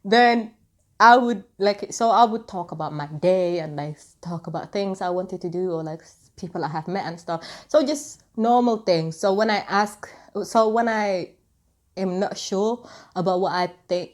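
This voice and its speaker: Young woman vlogger, rambly casual storytelling, lots of filler, medium pitch. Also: unhurried. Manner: rambling and chatty, full of "like" and "anywho".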